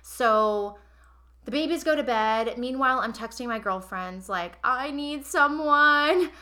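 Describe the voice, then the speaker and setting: Young woman host, podcast storyteller, fairly high voice, bright tone, emotional, confessional. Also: measured pace. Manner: animated, emotional, addresses listeners directly.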